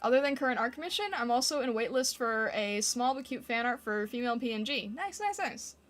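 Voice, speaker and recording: Giggly high-voiced woman streamer. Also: expressive, fast, a bit bright. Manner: playful, giggly, reacting to chat. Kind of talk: casual live-stream chat with viewers. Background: faint background music.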